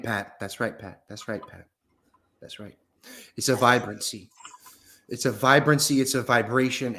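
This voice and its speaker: A man playing a grandiose, rambling mystic who muses slowly and solemnly in a comedy sketch. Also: mid-range voice, a bit bright, slight background noise, natural voice. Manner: slow, solemn pseudo-scientific musing, drawn-out pauses. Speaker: guest in a parody interview.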